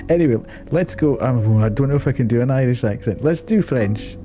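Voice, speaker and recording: A man's voice: mid-range voice, expressive, brisk, music in the background. A Scottish man streaming a game live, chatty and self-deprecating, laughing often. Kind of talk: live game playthrough, reading dialogue.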